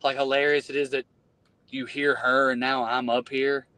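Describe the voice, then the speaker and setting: Brief: Southern US man, comic co-host, blunt and wry, average pitch. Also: level tone, moderate pace, sharp tone, no echo. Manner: wry, blunt, repeats himself. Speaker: podcast co-host, comedian. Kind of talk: casual chat.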